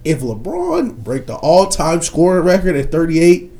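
A man co-hosting a casual sports talk show, excitable and slangy, often laughing and repeating himself for emphasis. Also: on the high side, unhurried. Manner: excitable, laughs often, swings loud and soft. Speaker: podcast co-host.

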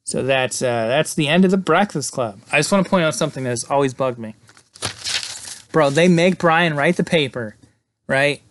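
A man's voice: fairly high pitch, normal speed, slight background noise. A man casually recapping a movie plot, rambling with lots of fillers and the odd curse. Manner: rambling, filler-heavy, loose and profane. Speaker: movie reviewer.

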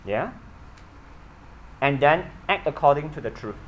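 Lively-voiced man preaching, faint background hiss. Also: a little high, unhurried, low-quality recording. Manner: earnest, asks the listeners questions, repeats himself. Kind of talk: sermon.

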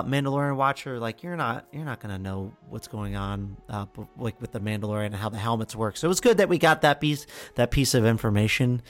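A young man in casual podcast chat, mid-pitched and loose, circling back on his own sentences and padding them with fillers. Faint music sits quietly behind his voice. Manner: rambling, filler-heavy, frequent restarts. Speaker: podcast co-host. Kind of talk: casual chat reviewing a TV episode.

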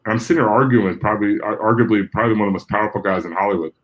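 A man's voice: lowish voice, racing, muffled recording. A middle-aged man from New Jersey, a guest telling stories in a casual way. He talks with animation, swears freely and acts out the people in his stories. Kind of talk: casual anecdotal storytelling.

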